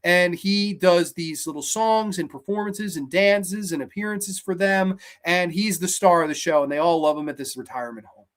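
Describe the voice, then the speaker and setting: A man hosting a horror movie show, retelling a film's plot in an energetic, animated way with fillers. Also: high-pitched, moderate pace, few pauses. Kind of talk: casual movie review.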